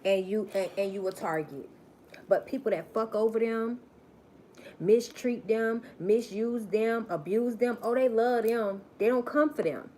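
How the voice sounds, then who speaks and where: A woman's voice: a little high, a little slow, a little mellow, a little hiss or hum. A woman giving a live-stream spiritual message, emphatic and preachy, repeating phrases for stress.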